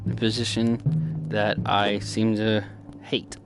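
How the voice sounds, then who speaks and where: Young man, low voice, rambling comic game story, swearing, music playing behind. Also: completely flat delivery, unhurried. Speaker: gaming channel host.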